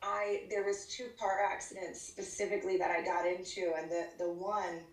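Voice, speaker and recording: A woman's voice: fairly low pitch, level tone, normal speed. A woman guest on a live church show, telling her life testimony in an earnest, storytelling way with fillers and restarts. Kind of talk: casual spoken testimony. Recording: roomy sound from a distance over a call.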